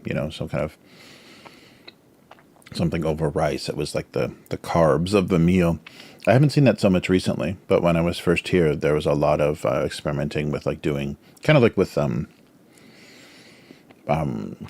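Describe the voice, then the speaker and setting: Speaking at normal speed in a slightly mellow bass voice, a cartoonist hosts a laid-back drawing livestream. He rambles with lots of fillers, laughs often, and chats with his mouth full as he snacks.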